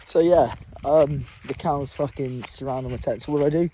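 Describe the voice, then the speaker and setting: A man's voice: mid-range voice, normal speed, mellow, husky. A young man vlogging casually outdoors on a moor while camping, laid-back, jokey and full of swearing. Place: outdoors on open moorland, camping.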